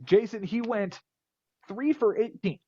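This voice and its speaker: A man's voice: high voice, measured pace, dark tone, slightly rough, no room sound, dull audio. A man hosting a podcast who casually rattles off fantasy baseball stats and cracks jokes. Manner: rattles off stat lines, wisecracking. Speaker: podcast host.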